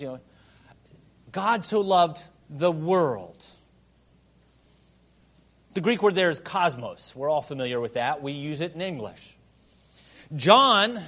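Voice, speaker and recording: A middle-aged man preaching a sermon to his congregation, moving between quiet, conversational asides and loud, emphatic proclamation. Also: fairly high pitch. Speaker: pastor.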